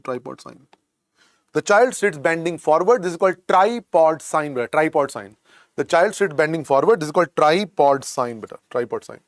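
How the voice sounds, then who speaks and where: A man's voice: on the high side, no echo, studio quality. A man with an Indian accent teaching a medical exam class. He drills each term over and over and mixes in Hindi words. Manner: drills terms by repetition, calls students "beta". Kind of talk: classroom lecture.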